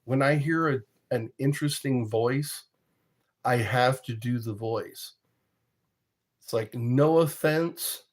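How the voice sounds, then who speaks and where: A man spins casual, rambling anecdotes for his vlog at an unhurried pace. He chuckles often and breaks off to restart his sentences. His voice sits in a middle pitch. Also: steady tone. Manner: rambling, chuckling, self-interrupting. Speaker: vlogger. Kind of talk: casual storytelling monologue.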